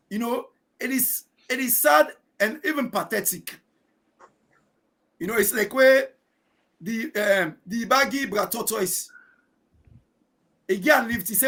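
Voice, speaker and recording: A Sierra Leonean man speaks as a guest commentator in emphatic, oratorical Krio-English. His voice sits very high for a man and has a gravelly fry. He leans on proverbs to make his points. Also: slow, pauses often, bright, forceful tone. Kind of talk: political discussion show.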